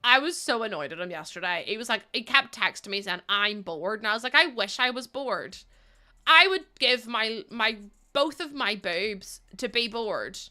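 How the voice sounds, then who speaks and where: A woman's voice: on the high side, animated, normal speed, pushed and bright. A young woman streaming and chatting casually with her viewers, giggling often and singing bits of songs. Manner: chatty, giggly, reads chat aloud, sings snippets. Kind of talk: casual livestream chat while building.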